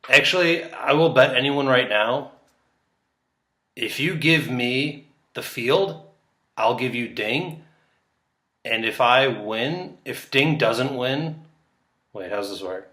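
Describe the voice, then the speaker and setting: A young man talks through a casual solo commentary, rambling and laughing at his own jokes. He sounds tired, as if it's late at night. His voice is bright and carries a lot of room echo. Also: mid-range voice, expressive, slow pace, pauses often. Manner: rambling, joking, laughs often. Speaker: chess commentator.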